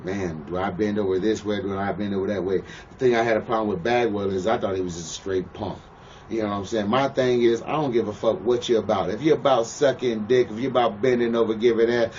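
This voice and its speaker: A man's voice: lowish voice, a little mellow. Blunt, profane man in a shoot interview. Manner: blunt, profane, keeps asking "you know what I'm saying". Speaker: pro wrestler interviewee. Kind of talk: shoot interview, casual storytelling. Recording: muffled, distant mic with faint hiss.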